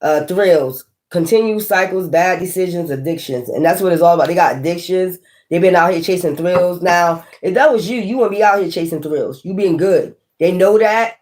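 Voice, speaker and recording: Woman doing a tarot reading, low-ish voice, swears a lot, blunt and laughing. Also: moderate pace, a little mellow. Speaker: tarot reader.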